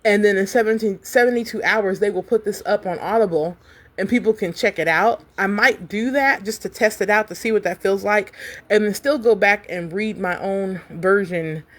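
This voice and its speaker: A woman and self-published author in casual livestream chat from home, animated and chatty and talking directly to her viewers. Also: medium pitch, normal speed.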